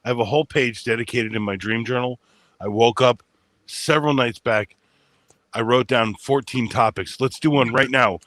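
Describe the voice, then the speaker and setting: A man's voice: mid-range voice, moderate pace, fairly bright tone, no echo. A man hosting a casual podcast chat, rambling and self-mocking, laughing often. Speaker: podcast host.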